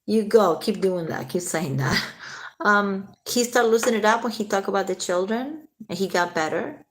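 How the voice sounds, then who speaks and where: A woman's voice: mid-range voice, normal speed, fairly bright tone. A woman hosting a casual late-night livestream, chatting with viewers, answering their comments and swearing freely.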